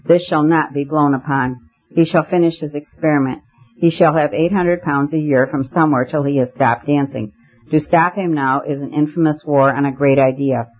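A man voicing a stern, excitable gentleman who speaks in a grave, declamatory way, on a muffled recording. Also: on the high side, moderate pace, lightly acted. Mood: impassioned.

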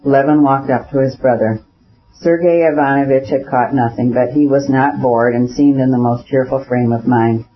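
A man narrating an audiobook in a steady, measured storytelling manner. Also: medium pitch, slight background noise. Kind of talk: scripted narration. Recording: dull lo-fi recording.

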